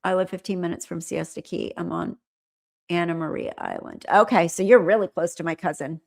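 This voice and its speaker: Here the same kind of livestream host, a middle-aged woman, talks casually with her viewers, wandering off mid-thought and restarting. She speaks fairly quickly in a fairly low, creaky voice.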